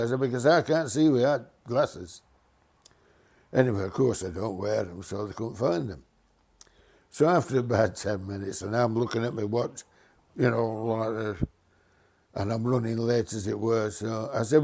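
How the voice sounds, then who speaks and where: An older man tells a rambling, comic story in a casual, conversational way. He keeps slipping into raised, excited voices for the people in his tale. His pitch sits at an ordinary middle level for a man. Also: moderate pace. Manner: lively, acts out voices of passengers with raised pitch. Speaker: storyteller, former bus driver. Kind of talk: casual anecdote telling.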